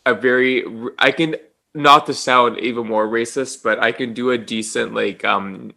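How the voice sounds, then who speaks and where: A man co-hosting a podcast in casual chat, tossing in quick jokes and banter. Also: medium pitch, fairly even intonation, gravelly, sharp tone. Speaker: podcast co-host.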